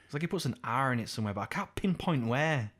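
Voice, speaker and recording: A young English man co-hosting a podcast, sweary and animated in loose, laughing banter. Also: medium pitch, fast talker. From England. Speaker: podcast co-host. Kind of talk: casual chat.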